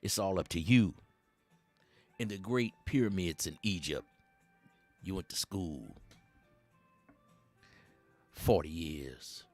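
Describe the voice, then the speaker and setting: A man's voice: low-pitched, slow pace, long pauses, soft background music. A man hosting a satirical dating-advice monologue, talking in streetwise slang and rambling like a preacher, chuckling between his points. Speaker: host.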